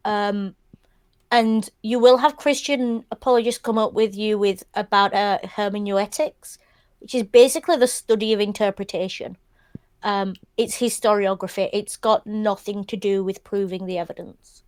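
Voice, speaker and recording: A woman's voice: medium pitch, fairly even intonation, moderate pace, darkish tone, dry recording. A woman co-hosting a podcast panel, talking bluntly and swearing freely as she explains her view. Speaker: podcast co-host. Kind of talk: casual panel discussion.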